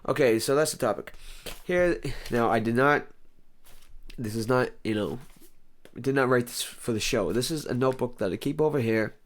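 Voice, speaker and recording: A man with a hoarse, worn voice rambles through a comedic talk-show monologue in a sarcastic, deadpan way. His voice sits at a middle pitch, and he keeps stopping to clear his throat. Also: normal speed. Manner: sarcastic, rambling, deadpan jokes with mock outbursts. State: hoarse, lost voice. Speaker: host.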